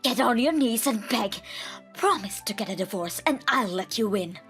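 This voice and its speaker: A woman voicing a cruel older mother-in-law who yells shrilly. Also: animated, normal speed, soft background music. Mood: furious. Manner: shrill, yelling.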